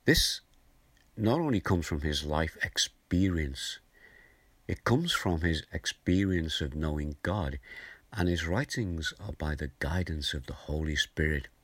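Older man, very deep, dry devotional. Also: expressive, a little slow, dry recording. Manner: gentle, conversational, chuckles now and then. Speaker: preacher. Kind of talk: morning devotional talk.

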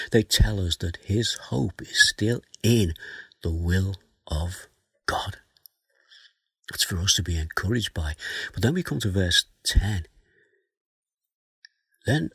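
A very deep-voiced man preaches a Bible teaching sermon at an unhurried, deliberate pace. His voice is gravelly and husky with a bright edge, and it sits in a dry, close recording. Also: dry recording. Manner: slow, earnest, reads scripture aloud then explains it.

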